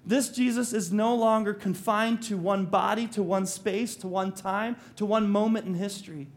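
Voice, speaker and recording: A man's voice: high voice, fairly even intonation, moderate pace. A male pastor preaching a sermon, telling the story animatedly, acting out quotes and slipping in jokes.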